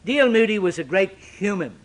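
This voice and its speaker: An older man preaching a sermon, with dramatic, sweeping shifts in pitch and loudness. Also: expressive, a little fast.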